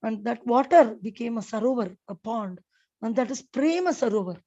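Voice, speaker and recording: A woman's voice: fairly high pitch, animated, normal speed, dark tone, muffled recording. A woman giving a devotional scripture class, telling stories with many fillers and restarts. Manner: storytelling with frequent fillers and restarts.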